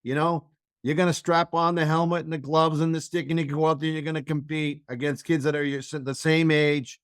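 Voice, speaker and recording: A man's voice: a little high, flat delivery, brisk, smooth, no echo, studio quality. A man on a podcast giving blunt, emphatic advice. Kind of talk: casual podcast chat.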